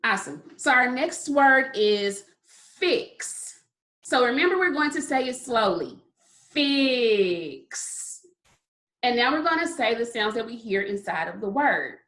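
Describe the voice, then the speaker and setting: A woman teaching a phonics lesson to young children, sounding words out slowly and praising often. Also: fairly high pitch, expressive, sharp tone. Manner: slow, drawn-out sounding out of words; encouraging, repeated praise. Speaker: kindergarten teacher.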